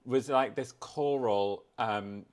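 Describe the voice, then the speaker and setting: A man's voice: mid-range voice, takes it slowly. A man from the UK co-hosting a podcast, chatting playfully with a friend. He tells gossipy stories with relish. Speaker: podcast co-host. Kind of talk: casual chat.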